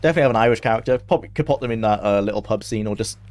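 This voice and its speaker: A young man chatting loosely as he streams a game, rambling and quick to laugh. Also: lowish voice, a little mellow, no room sound. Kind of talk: casual live-stream gameplay commentary.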